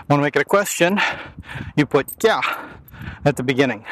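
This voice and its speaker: A man's voice: on the high side, lively intonation, brisk, long pauses, a bit bright. An American man in a casual, rambling monologue, musing wryly and correcting himself as he goes. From United States. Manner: musing, wry, self-correcting. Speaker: vlogger. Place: outdoors near running water. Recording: noisy outdoor recording.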